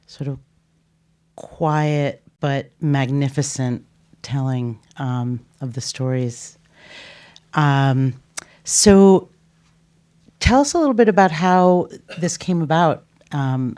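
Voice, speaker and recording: A woman with a low voice moderates a festival Q&A. Her tone is smooth and resonant, she speaks slowly, and she pauses as she gropes for her words. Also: warm tone. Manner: halting, searching for words.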